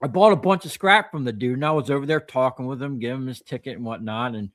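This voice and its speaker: A man's voice: mid-range voice, fast talker, a bit bright, dry recording, clean studio sound. A man who runs a scrap metal recycling business, chatting casually on a livestream and rambling through stories about his trade. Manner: rambling storyteller, acts out quoted customers.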